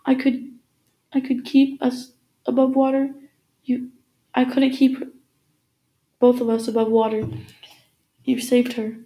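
A woman voicing a gentle mother soothing her son. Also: high voice, flat delivery, slow pace, long pauses, rough recording.

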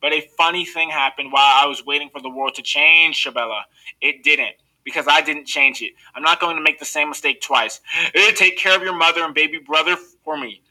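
A man's voice: fairly high pitch, brisk, sharp tone, low-quality recording. A man reading the part of a remorseful old Cuban grandfather, speaking in an anguished, pleading way. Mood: resolved.

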